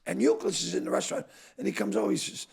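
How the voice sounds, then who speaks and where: Swapping stories in a relaxed conversation, this older male comedian guest performs dialogue in rapid bursts. The voice is gravelly and husky yet high, sing-song and darkish in tone.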